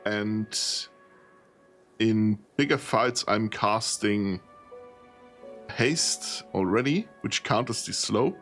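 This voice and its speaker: A man streams a role-playing game, thinking aloud as he sorts through items. His voice is gravelly and unhurried, with a tired edge and frequent laughs. Soft music plays faintly behind him. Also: lowish voice. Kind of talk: casual gameplay commentary.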